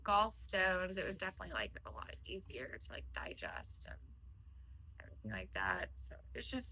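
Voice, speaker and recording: Woman, young adult, bright voice, chatty, lots of filler words. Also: lowish voice, very animated, moderate pace, low-quality recording. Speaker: guest, host's wife. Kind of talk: casual conversation.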